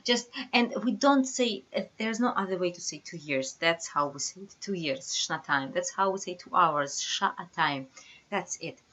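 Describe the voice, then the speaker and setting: A woman's voice: fairly low pitch, animated, fairly quick, a bit bright. A woman teaching a beginners' language lesson, explaining step by step and quizzing her students with questions. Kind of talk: casual online lesson.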